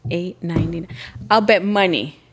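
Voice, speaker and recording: A middle-aged woman co-hosting a casual chat podcast, telling family stories in a joking, animated way and mixing in Spanish words. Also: on the low side, moderate pace, crowd noise. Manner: animated storyteller, joking, acts out family quotes. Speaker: podcast co-host.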